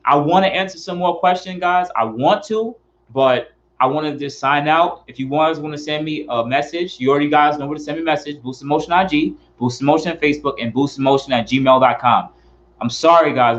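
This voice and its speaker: A man's voice: medium pitch, lo-fi sound. A man hosting his car channel, talking in an earnest, rambling, heartfelt way and repeating himself. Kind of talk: casual heartfelt vlog talk.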